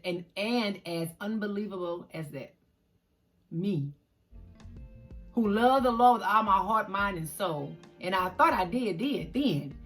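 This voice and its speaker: A middle-aged woman, hosting a vlog and telling a personal story in an expressive way, speaking straight to her viewers. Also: mid-range voice. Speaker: vlog host.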